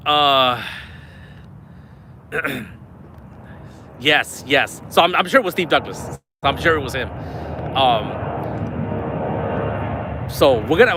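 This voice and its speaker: Outdoors at a riverbank, a man hosting a fishing livestream reads super chats, chatty and grateful while slightly out of breath. He speaks slowly and expressively in a mid-range voice, leaving long pauses, with background noise present.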